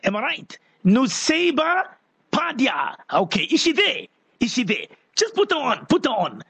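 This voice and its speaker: Husky high-voiced emotional radio host. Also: male voice, wildly swooping pitch, measured pace, a bit bright, no echo. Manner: emotional, fervent, prays aloud. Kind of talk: live call-in radio talk. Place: radio studio.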